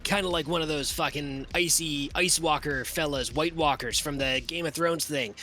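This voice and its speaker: A man's voice: a little high, fairly even intonation, moderate pace, sharp tone. A man running a tabletop game as game master, narrating the action in a casual, profane, vivid way full of "like" and "you know". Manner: lots of fillers, like and you know.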